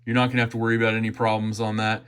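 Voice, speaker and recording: A man's voice: lowish voice, completely flat delivery, very fast, fairly bright tone, smooth. A man giving a chatty, enthusiastic knife unboxing review, often repeating his phrases.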